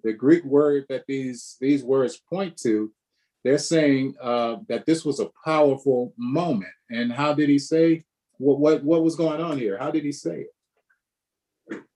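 A man's voice: mid-range voice, measured pace, warm tone. A man who is a pastor, leading a conversational Bible study, asking emphatic questions and repeating words.

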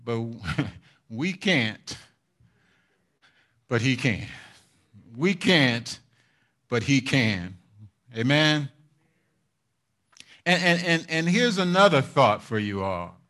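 A man's voice: medium pitch, big pitch swings, drawn-out words, pauses often, a bit bright. A man pastor preaching a sermon, repeating his points and checking in with the congregation, with frequent chuckles. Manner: repetitive, asks the congregation for responses; chuckles often while preaching.

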